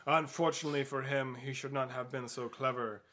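A man's voice: medium pitch, fairly even intonation, fairly quick, a bit bright, pitched below the performer's own voice, natural voice. A man voicing a scheming male jewel thief in a casual read-aloud, curt and commanding. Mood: cold.

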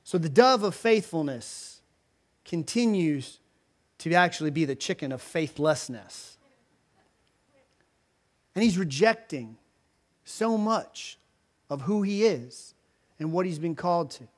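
A man preaching a sermon, retelling the story in a casual, animated way with filler words. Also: fairly high pitch, takes it slowly, pauses often. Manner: animated storytelling, voicing characters in quotes. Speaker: pastor.

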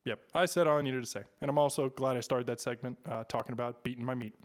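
A man's voice: medium pitch, fast talker. A young man co-hosting a casual podcast, joking crudely and laughing often. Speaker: podcast co-host.

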